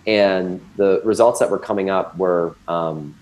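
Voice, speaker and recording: A man's voice: low-pitched, unhurried, darkish tone, a little hiss or hum, low-quality recording. A man in his thirties, recounting a personal health scare in a candid conversational way, with lots of ums and restarts. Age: 30s. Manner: candid, filler-heavy storytelling with many ums and restarts. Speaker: guest telling his story.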